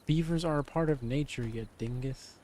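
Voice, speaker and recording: A man's voice: medium pitch, moderate pace, mellow, slight background noise. A man hosting a let's-play, talking to himself in a goofy, rambling, playfully grandiose way. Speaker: gaming channel host. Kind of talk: casual let's-play commentary. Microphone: studio desk microphone.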